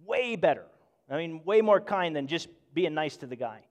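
Passionate preacher with hall echo. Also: male voice, on the high side, animated, normal speed. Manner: passionate, swings from loud to hushed. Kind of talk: sermon. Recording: long hall reverb.

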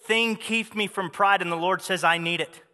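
A preacher acting out an earnest, humble apostle who speaks with exclaiming conviction. The high, bright voice rings with the long reverb of a large hall. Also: male voice, fairly even intonation, moderate pace.

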